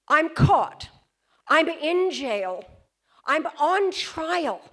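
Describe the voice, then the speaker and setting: A woman giving a storytelling keynote at a convention, pausing for effect and putting questions to the audience. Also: sits high, fairly bright tone. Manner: dramatic pauses, questions to the audience. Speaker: keynote speaker. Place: convention stage.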